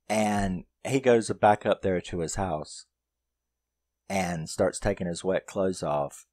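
A man with a very low voice reviews a horror film in loose, profane, animated storytelling. He walks through the plot scene by scene. The recording is dry and close, with no room echo.

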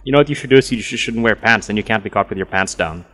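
A man co-hosting a game playthrough, excitable and full of crude jokes. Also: fairly low pitch, very fast. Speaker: gamer co-host. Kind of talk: casual gaming banter.

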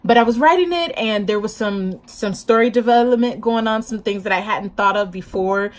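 A woman's voice: mid-range voice, normal speed. A woman vlogging casually to camera about her writing, hyper and chatty, laughing often, talking with her hands, a bit sleep-deprived.

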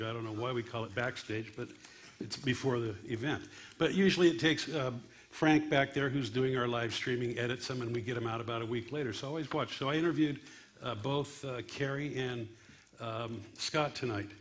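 A man's voice: medium pitch, fairly even intonation, fairly quick. A man hosting a comedy night, making loose, rambling announcements to the audience. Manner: loose, rambling, with fillers and restarts. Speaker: event host. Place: church comedy venue on stage.

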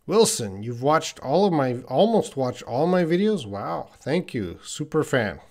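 During his livestreamed English class, this slightly high-voiced teacher in his forties says phrases slowly and repeatedly for pronunciation drills. He stays easygoing, musing aloud while he answers the chat.

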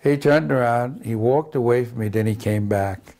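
A man's voice: mid-range voice, normal speed, darkish tone. A man giving an earnest faith testimony as a healing minister, often adding "see?" to his sentences. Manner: acts out remembered dialogue with raised voice. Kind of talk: storytelling testimony.

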